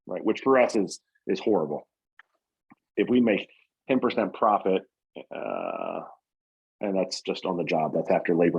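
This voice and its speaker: A man with a low, husky voice speaks as a guest on a podcast. He talks in an earnest, rambling way, full of fillers and false starts. The audio sounds muffled and lo-fi. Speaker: painting company owner, guest. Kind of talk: casual podcast interview.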